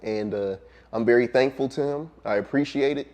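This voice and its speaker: A relaxed man talks as a guest on an interview show. His voice sits in a middle register, and he speaks reflectively, pausing often with ums and letting his thoughts trail off. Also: mid-range voice. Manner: laid-back, reflective, many ums and trailing pauses. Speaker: music producer guest. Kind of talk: casual interview conversation.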